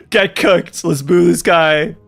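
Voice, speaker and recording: A man's voice: sits high, sing-song, slow, creaky, a bit bright, faint music behind. A man streaming a video game, joking with chat, laughing often and reading the game's dialogue aloud. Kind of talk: casual gaming stream commentary.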